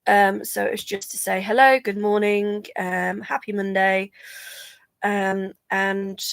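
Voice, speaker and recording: A woman's voice: mid-range voice, level tone, takes it slowly, creaky, no echo. A drowsy woman chatting casually on a live stream, rambling and yawning between thoughts. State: drowsy from medication. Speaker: vlogger going live.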